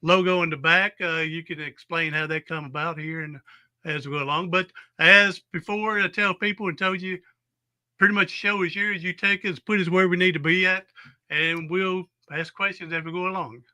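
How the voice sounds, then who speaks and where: Host: man, upbeat and folksy, bright higher voice, dry close sound. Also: steady tone, normal speed. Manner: folksy, exuberant pep talk, rambling asides. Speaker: podcast host. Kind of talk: casual interview chat.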